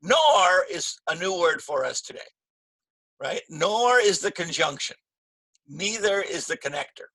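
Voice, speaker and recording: A man teaching an English grammar lesson, slow and patient, repeating key phrases with stress. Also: high-pitched, sing-song, pushed and bright, no echo.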